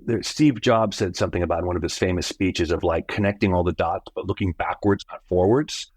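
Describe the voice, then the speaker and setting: Deep-voiced man telling his story. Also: a little fast, dry recording. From United States. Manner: animated, acts out quoted voices. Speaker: podcast guest, company founder. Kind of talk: storytelling in an interview.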